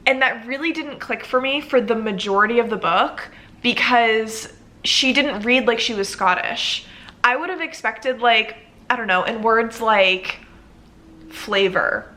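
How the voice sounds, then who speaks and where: Bright-voiced chatty young woman. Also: a little high. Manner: chatty, many "like" fillers, thinking aloud. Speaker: book vlogger. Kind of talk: casual book review vlog.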